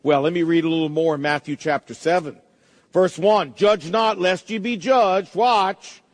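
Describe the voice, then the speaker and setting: A middle-aged man preaching a sermon, emphatic, slowing down to quote verses. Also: high-pitched, big-room sound. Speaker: pastor.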